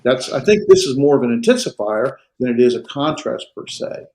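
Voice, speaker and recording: This Greek grammar lecture, with questions from the class, is captured roughly in an echoey room. The instructor speaks briskly at medium pitch, expressive and a little mellow, yet hesitates constantly with fillers and restarts.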